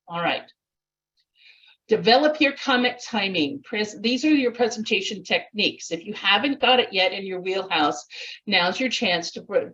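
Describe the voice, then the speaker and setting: A woman's voice: mid-range voice, fairly bright tone, muffled recording. A vivacious woman presenting a speech contest workshop, acting out little voices and laughs as she explains. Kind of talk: online workshop talk.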